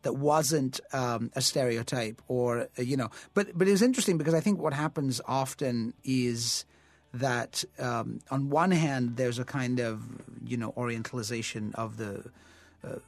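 Male actor as interview guest, mid-pitched, reflective storyteller, lots of restarts, dry close sound. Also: normal speed, no echo. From United States. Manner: reflective, many fillers and restarts.

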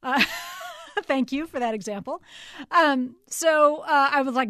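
A woman's voice: high voice, takes it slowly, fairly bright tone, dry recording, studio quality. A woman novelist from Texas chatting animatedly in an interview, laughing easily and restarting her sentences. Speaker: novelist guest. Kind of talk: casual interview chat.

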